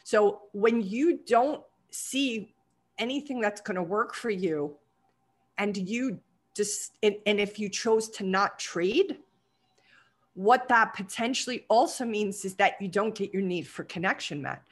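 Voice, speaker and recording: A woman's voice: medium pitch, measured pace. Woman coaching with probing questions. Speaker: trading coach. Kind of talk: coaching conversation.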